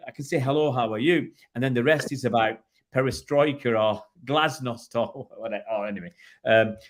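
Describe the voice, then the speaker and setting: A man's voice: mid-range voice, a little fast. A middle-aged man from England co-hosting a casual chat, rambling through jokey anecdotes with many restarts. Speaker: co-host.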